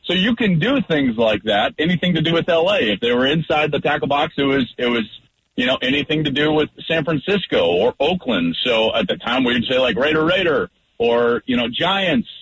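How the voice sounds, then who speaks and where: A man, a former quarterback, talking football on a radio show and acting out his line calls with big jumps in pitch. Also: a little fast, slightly rough, highs cut off. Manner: lively, acts out line calls loudly. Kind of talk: animated sports talk.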